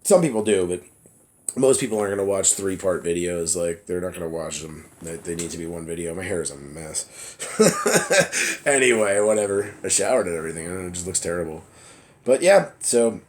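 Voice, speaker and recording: A man with a somewhat low voice records a casual political vlog on his phone. He reads a newspaper article aloud and drifts into loose, chatty asides full of fillers and laughs at himself. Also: brisk, darkish tone. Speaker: political video blogger. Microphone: phone camera app.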